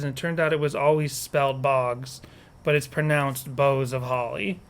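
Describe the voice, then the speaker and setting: A man's voice: on the high side, steady tone, normal speed, smooth. Rambling, jokey male podcast co-host. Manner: rambling, self-correcting, jokey. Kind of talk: casual podcast chat. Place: on a porch.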